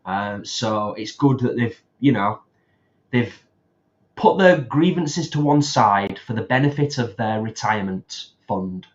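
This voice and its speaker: Reading out chat messages on a relaxed livestream, this co-host is talkative and laughs frequently. He speaks at a measured pace in a lowish voice with lively intonation, and the audio has its highs cut off.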